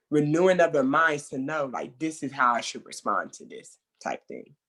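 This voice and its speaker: A woman with a fairly low voice talks through her work with kids in a loose, expressive way, full of fillers. She sounds like she is on a video call. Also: husky. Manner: expressive, conversational, many fillers like "like". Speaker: children's center worker sharing experience. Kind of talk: casual training discussion.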